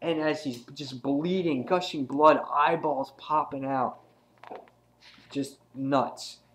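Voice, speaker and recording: Excitable male comic book reviewer. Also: mid-range voice, slow pace. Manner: excited retelling with many restarts. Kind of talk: casual video review.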